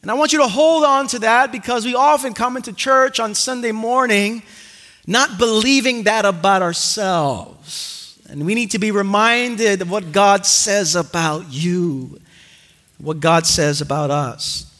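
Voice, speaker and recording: A male pastor preaching a sermon in a church, earnest and emphatic, slowing down to stretch out key phrases. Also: high voice, sharp tone. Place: church sanctuary.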